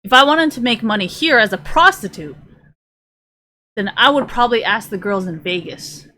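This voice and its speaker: A woman's voice: on the high side, animated, moderate pace, bright, forceful tone, a little hiss or hum. A woman streamer ranting to her live chat, profane and rambling, sometimes drifting away from the mic as she browses.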